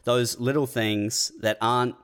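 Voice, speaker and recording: A man's voice: mid-range voice, steady tone, a little slow, fairly bright tone, smooth. A man in casual comedic chat who rambles sarcastically, swears, and acts out mock quotes.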